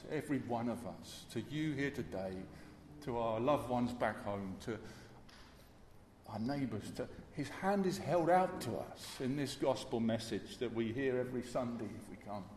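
Slow earnest male preacher. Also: mid-range voice, animated, darkish tone, echoey room, big-room sound, a little hiss or hum. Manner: earnest, dwelling on repeated phrases. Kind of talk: sermon.

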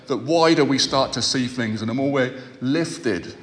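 A man preaching a sermon, speaking in a measured way and repeating phrases for emphasis. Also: medium pitch, fairly bright tone. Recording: long hall reverb.

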